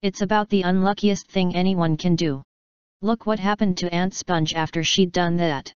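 Boisterous pest of a centipede, voiced by a woman narrator; gleeful, clean low tone. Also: fairly even intonation, moderate pace, a little mellow, smooth, no room sound, natural voice. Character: boastful, gleeful centipede who loves being a pest. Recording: slightly dull, dry recording.

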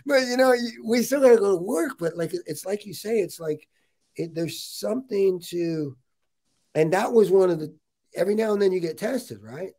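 A middle-aged man chats casually as a podcast host. His voice sits fairly high for a man, and he tells his story with plenty of energy and a lot of "dude.". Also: normal speed. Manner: animated storytelling, says "dude" often. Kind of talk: casual interview chat.

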